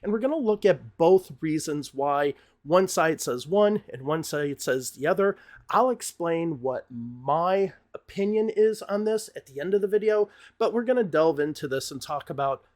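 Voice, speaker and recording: A man's voice: a little high, lively intonation, moderate pace. A middle-aged man teaching an English grammar lesson, explaining patiently step by step with examples.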